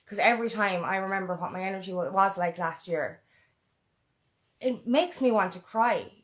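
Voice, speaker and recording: A woman's voice: mid-range voice, normal speed. A woman empowerment coach talking earnestly and emotionally in a motivational vlog, often repeating a mantra. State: emotional, close to tears.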